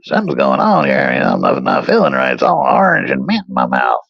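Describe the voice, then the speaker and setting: A slow, dim-witted man voiced by a man mumbles in a low drawl. The tone is gravelly and dry, and the sound is a bit dull. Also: wildly swooping pitch, no room sound, exaggerated voice. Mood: rambling.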